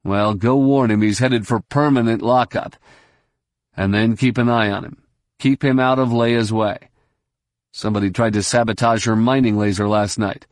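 A man voicing a brisk, commanding middle-aged man giving orders, close to his own voice. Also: lowish voice, steady tone, no room sound, natural voice.

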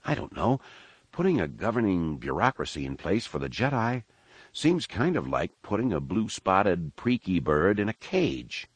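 A man's voice: on the low side, breathy edge, dry recording. A man voicing a sixteen-year-old apprentice who questions his elders tentatively and at times sarcastically. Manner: tentative, challenging, a bit sarcastic.

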